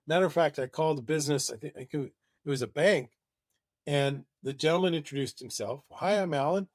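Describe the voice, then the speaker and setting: A man's voice: on the high side, no echo, clean studio sound. A man presenting a marketing webinar, talking in an enthusiastic, conversational way.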